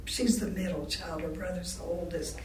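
A woman's voice: fairly low pitch, fairly even intonation, normal speed, a little mellow. A blunt, outspoken woman recounting her family life as an interviewee in an oral history. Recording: roomy echo, distant mic, faint background noise.

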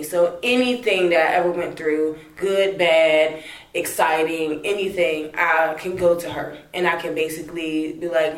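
A young woman telling family stories in a relaxed interview, laughing often and acting out what people said in a raised voice. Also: deep voice, a little slow. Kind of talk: casual storytelling. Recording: echoey room.

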